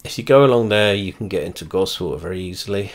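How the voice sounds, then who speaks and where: A man's voice: deep voice, fast. A man, rambling casually and swearing a lot as he comments while playing a flight simulator. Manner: rambling, heavy swearing, blunt and chatty; trails off and restarts often. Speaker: video creator.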